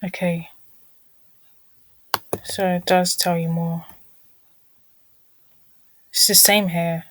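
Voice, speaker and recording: A woman's voice: on the low side, flat delivery, very slow, long pauses, fairly bright tone, dry recording, low-quality recording. A woman vlogging casually, talking through her screen, apologizing often and muttering irritated asides under her breath.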